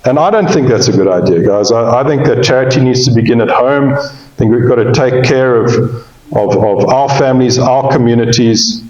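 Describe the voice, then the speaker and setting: A man's voice: mid-range voice, normal speed, darkish tone. A man giving a pre-sale presentation on cattle, folksy and joking, often checking in with the audience. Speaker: cattle industry speaker. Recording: roomy, slightly dull sound.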